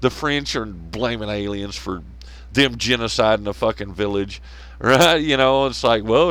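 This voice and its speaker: A man's voice: medium pitch, sing-song, moderate pace, a bit bright, no room sound. A man hosting a podcast, ranting casually and sarcastically, swearing constantly and laughing at his own jokes. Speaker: podcast host. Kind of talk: profane casual rant.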